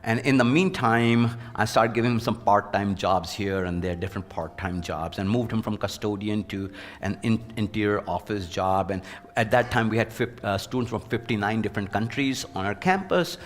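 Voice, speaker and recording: A man's voice: fairly low pitch, normal speed, few pauses. Man telling a story in a reverberant hall. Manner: earnest, anecdotal, animated when quoting others. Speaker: former university president, leadership speaker. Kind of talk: storytelling in an interview.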